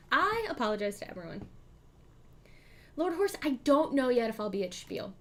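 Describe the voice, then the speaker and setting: A woman's voice: on the high side, sing-song, a little slow. A woman hosting a live board game stream, chatting, thinking aloud about her moves and thanking her chat. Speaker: streamer host.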